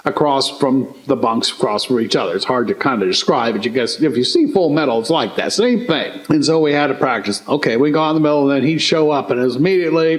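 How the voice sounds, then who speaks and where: A man from Colorado telling a story on a podcast in a casual way, acting out shouted lines and chuckling often, recorded in a large studio. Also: medium pitch, quick pace, few pauses, rough recording. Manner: animated, acts out quoted yelling, chuckles often.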